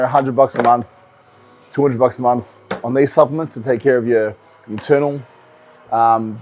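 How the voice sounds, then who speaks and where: A man who is a bodybuilder and coach, talking casually to the camera in a vlog, explaining things in a relaxed way with frequent ums and repeated words. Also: medium pitch, highs cut off.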